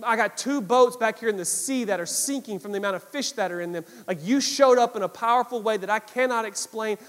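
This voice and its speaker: A man voicing an eager, all-in male fisherman disciple, excited, loud and emphatic. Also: high-pitched, fairly quick, in a large hall, pitched above the performer's own voice, natural voice. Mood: earnest.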